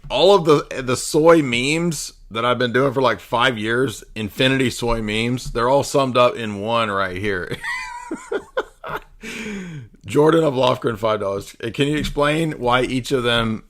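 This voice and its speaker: A man's voice: medium pitch, fairly bright tone. A man giving casual live-stream commentary on a debate, mocking and sardonic in tone.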